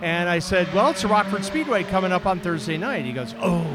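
A man hosting a podcast, chatting casually and telling an animated story, acting out the people he quotes. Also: high voice, a little fast. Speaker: podcast host. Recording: outdoor recording with clear background noise.

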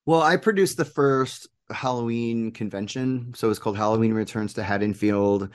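A man's voice: on the low side, moderate pace, smooth. A man being interviewed as a guest, telling stories with enthusiasm and acting out what other people said. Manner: animated, enthusiastic, acts out quoted people. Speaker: guest, producer and game maker. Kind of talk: casual interview storytelling.

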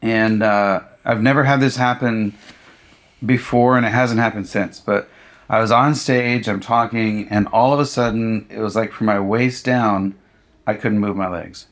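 A man, a pastor being interviewed, telling a personal story in a lively conversational way, with humorous asides and acted-out quotes. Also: on the low side, a little slow. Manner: animated storyteller who acts out what others said; humorous, self-deprecating asides. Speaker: pastor and guest speaker.

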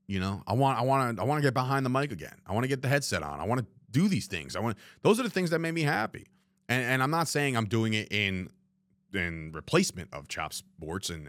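A man's voice: on the low side, a bit bright, dry recording. A man hosting a solo podcast from a studio, talking candidly and rambling with swearing and lots of "you know what I mean.". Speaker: podcast host. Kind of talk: reflective solo podcast monologue. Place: studio room, alone.

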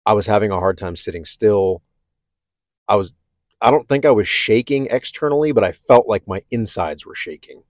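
A man talking candidly and haltingly about his own struggles, with many restarts. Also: fairly low pitch, lively intonation, no room sound, clean studio sound. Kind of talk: personal reflective talk.

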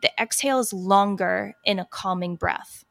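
A hairstylist woman chatting casually on a podcast, leading breathing exercises with calm slow counting and lots of "like". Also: medium pitch, creaky, no echo.

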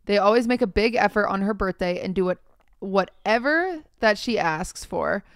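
Young woman reading posts, clear and smooth. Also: medium pitch, expressive, no echo, studio quality. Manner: reads posts aloud in a measured, wry tone. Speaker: podcast host. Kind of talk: casual chat, reading posts aloud.

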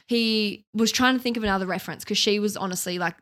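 A woman's voice: medium pitch, fast talker, few pauses, fairly bright tone. A young woman, a podcast co-host, telling a story in casual chat; she is chatty, swears casually and laughs as she talks.

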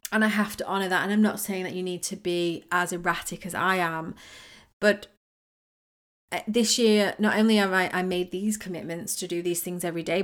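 A woman hosting a solo podcast on manifesting, talking in a chatty, rambling, self-mocking way. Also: lowish voice. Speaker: podcast host.

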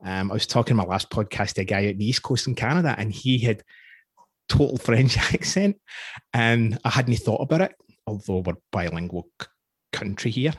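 Husky Scottish man telling rambling stories. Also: lowish voice, animated, fairly quick, dry recording, clean studio sound. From Scotland. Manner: rambling storyteller, chuckles often. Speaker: podcast host. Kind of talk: casual interview chat.

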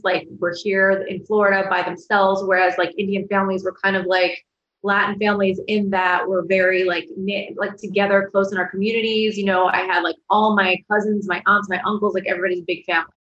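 A woman's voice: mid-range voice, lo-fi sound. Chatty woman from England, echoey call. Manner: lively, chatty, frequent "like" and "you know". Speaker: podcast guest. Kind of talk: casual interview storytelling.

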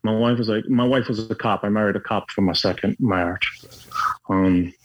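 A man's voice: lowish voice, normal speed, muffled recording. A middle-aged man telling his own story candidly, blunt and profane, with lots of fillers. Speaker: guest.

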